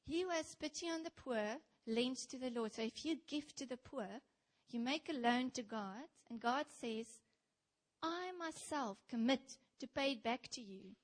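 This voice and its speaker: Brief: young South African woman preacher, fairly high voice, lively storytelling sermon delivered to a congregation. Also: a little slow. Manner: animated storytelling, addresses the congregation directly. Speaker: church speaker.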